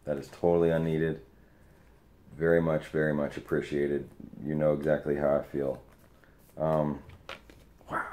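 A man opening sports card mail on camera, chatting excitedly to the friend who sent it. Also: a bass voice, slight background noise. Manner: excited, talks to the sender directly. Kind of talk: casual unboxing vlog.

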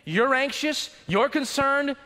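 Male pastor, high bright tenor, preaching in a reverberant church hall, dramatic swings from urgent to hushed. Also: lively intonation, slow pace. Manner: dynamic preaching, swinging from loud urgency to hushed low emphasis. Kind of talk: sermon. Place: church sanctuary.

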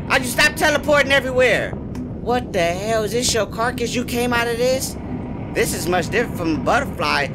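Jumpy young man with a lively high voice. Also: normal speed, background noise. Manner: jumpy, yelps and talks to the game; casual slangy banter with viewers. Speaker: gaming YouTuber. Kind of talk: horror game commentary.

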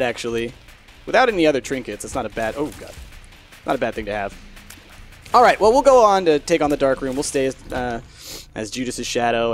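A man talks his way through a video game run, mid-pitched and chatty. He drops to a hush when he concentrates and swears out loud when it goes wrong, with soft game music underneath. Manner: chatty, swearing, swings from hushed focus to loud frustration. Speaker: gameplay commentator. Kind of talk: live gameplay commentary.

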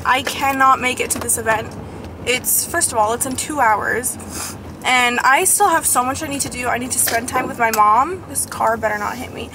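A young woman vlogging while driving, excitable and chatty, a little sniffly and congested, peppering her talk with "like" and "oh my god". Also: high voice, background noise. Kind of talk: casual vlog chat. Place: in a car, driving.

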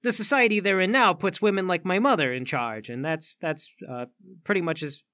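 High, bright-voiced sardonic male player. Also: brisk. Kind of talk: casual role-play.

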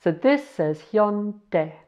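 A woman's voice: mid-range voice, expressive, muffled recording. A woman casually teaching foreign words, spelling them out letter by letter and correcting herself as she goes. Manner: chatty, self-correcting, spells out letters slowly. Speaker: language learner sharing words.

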